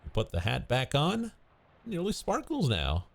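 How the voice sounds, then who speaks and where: A man's voice: mid-range voice, wildly swooping pitch, normal speed, creaky. A man streaming a game, chatting casually and reading the game text aloud, often stumbling and correcting himself.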